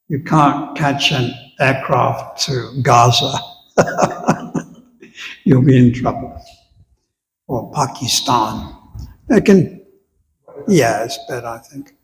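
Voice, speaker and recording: A man giving an unhurried devotional lecture to a congregation, talking conversationally and putting questions to his listeners. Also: mid-range voice, long reverb tail, low-quality recording. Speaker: visiting spiritual teacher. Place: temple hall with long reverb.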